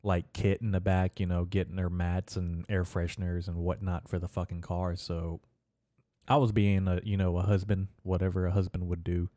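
Give me a young man on a podcast telling profane rambling stories in a warm low voice. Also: level tone, normal speed, no echo, clean studio sound. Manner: profane, rambling, gets worked up. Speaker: podcast host. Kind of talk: casual storytelling rant.

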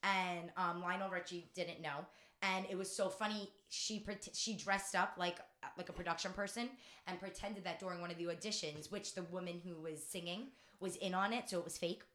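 A woman's voice: fairly low pitch, steady tone, normal speed, fairly bright tone, echoey room. Bubbly, rambling woman co-host. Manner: bubbly, rambling, apologetic, laughs often. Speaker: podcast co-host. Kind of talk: casual chat.

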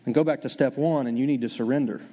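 A man preaching a sermon as pastor, talking conversationally and acting out his listeners' doubts in quick asides. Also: mid-range voice, in a large hall. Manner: fast, animated preaching.

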